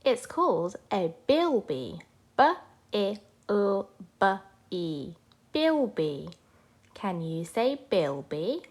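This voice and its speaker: A woman teacher leading a children's phonics lesson, sounding out letters slowly and clearly. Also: mid-range voice, very animated, darkish tone. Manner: slow, sing-song, sounding out letters for children.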